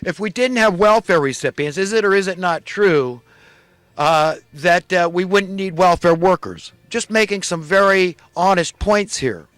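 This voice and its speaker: A man's voice: high-pitched, lively intonation, unhurried, fairly bright tone, clean tone, no echo. A man preaching an angry, indignant monologue, ranting with repeated emphatic phrases. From California. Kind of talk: impassioned monologue.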